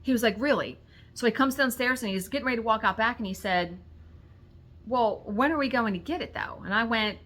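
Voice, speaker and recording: A middle-aged woman vlogger casually telling a story to her viewers, acting out conversations and swearing when excited. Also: fairly high pitch, a little fast. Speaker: crafting vlogger.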